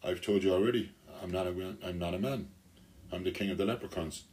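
A man's voice: low-pitched, a little fast, darkish tone, lightly acted. A man voicing a small, proud male leprechaun king who speaks firmly and plainly in a storybook. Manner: firm, plain-spoken.

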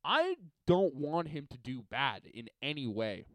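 A young man from Montreal hosting a podcast alone, ranting and swearing, swinging between loud and quiet. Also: mid-range voice, very animated, unhurried, no echo. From Montreal, Canada. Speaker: podcast host. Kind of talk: solo podcast rant.

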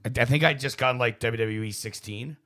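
A man's voice: medium pitch, a little fast, pushed and bright. A man in his thirties telling a rambling, self-mocking story in casual chat, full of "like" and swearing. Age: 30s. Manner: rambling, laughing, lots of "like" fillers.

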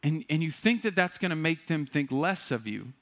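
Male pastor, sermon delivery, higher-than-average voice, swings from animated to quiet and earnest. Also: normal speed. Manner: candid, self-deprecating preaching.

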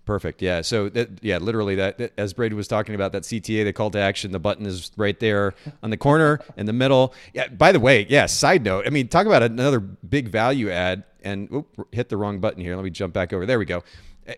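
A man hosting a podcast, chatting enthusiastically and often restarting his sentences. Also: fairly low pitch. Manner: fast, enthusiastic, repeats words and restarts. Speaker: podcast host. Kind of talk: casual interview chat.

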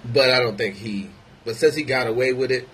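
A man's voice: medium pitch, brisk, fairly bright tone, a little hiss or hum, low-quality recording. A man ranting in a casual monologue, rambling, blunt and heavy on profanity. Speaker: vlogger.

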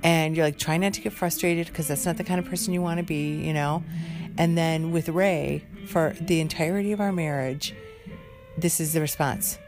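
A woman's voice: sits low, steady tone, normal speed, over music. A woman ranting casually with an exasperated, profane, rambling manner, overtired and worn out.

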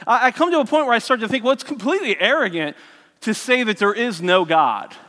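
A man's voice: very high voice, lively intonation, brisk, sharp tone, in a large hall. A man candidly telling his personal faith story to an audience, often restarting his sentences. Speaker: speaker sharing his testimony.

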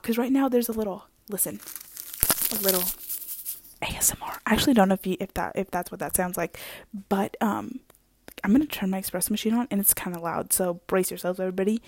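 A woman's voice: mid-range voice, a little mellow. A young woman hosting a podcast, chatting casually in a rambling way while moving around her kitchen, on a wired headphone mic. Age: young adult. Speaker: podcast host. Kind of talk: casual chat. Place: at home in a kitchen.

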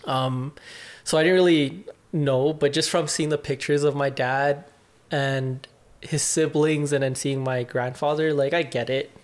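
A young man speaks candidly as a podcast guest, reflective and casual, with plenty of filler words and the occasional swear. His fairly high voice stays steady and unhurried.

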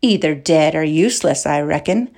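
A woman's voice: low-pitched, animated, moderate pace. A woman voicing a sneering, scheming man. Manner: barking orders, then sneering softly. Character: scheming cunning male soldier, sneering.

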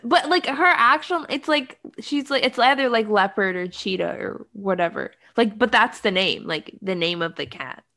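A woman chatting casually about a film, her voice settling into a gravelly vocal fry. She rambles wryly and leans on "like" between every thought. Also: mid-range voice, expressive, moderate pace, hardly any pauses, sharp tone. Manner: rambling, full of "like" fillers, wry. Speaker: podcast co-host recapping a film. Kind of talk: casual chat.

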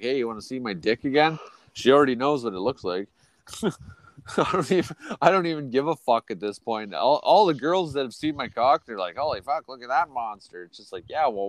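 A man's voice: medium pitch, no room sound. A middle-aged man hosting a podcast, rambling through crude, profane stories in casual chat. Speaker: podcast host.

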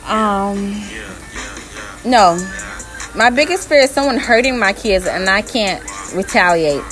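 A woman answering her viewers' questions in a slow, deliberate way, frank about her views and quick to laugh. Her voice sits at an ordinary middle pitch, with soft music playing faintly underneath. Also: lively intonation. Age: adult mother. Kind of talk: candid casual Q&A talk.

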